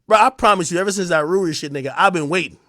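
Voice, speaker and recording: A man with a New Jersey accent hosting a livestream, delivering a heated, taunting rant that swings between loud jabs and low mutters. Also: very fast. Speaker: livestream host. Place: home streaming room.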